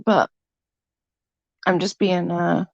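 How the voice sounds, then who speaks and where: A woman's voice: on the low side, steady tone, slow pace, creaky, darkish tone, no room sound, dull audio. A woman, congested from hay fever, chatting casually with her livestream viewers and reading out their comments, swearing freely and giggling. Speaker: livestream host reading chat. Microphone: close computer mic.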